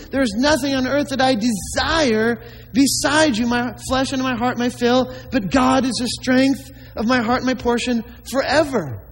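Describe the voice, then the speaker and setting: A man's voice: very high voice, in a large hall, poor audio. A man preaching a sermon as a pastor, emphatic, with many rhetorical questions to the congregation.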